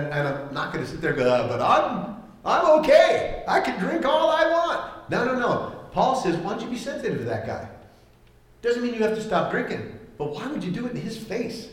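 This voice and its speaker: A man preaching a sermon as pastor, conversational and animated, acting out the voices he quotes. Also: fairly high pitch. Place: church hall. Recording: echoey hall.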